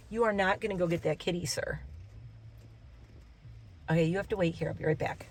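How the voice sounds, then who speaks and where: A woman's voice: lowish voice, moderate pace, pauses often, background noise. A woman in a casual outdoor vlog, rambling and self-deprecating, and cooing at farm animals. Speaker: vlogger.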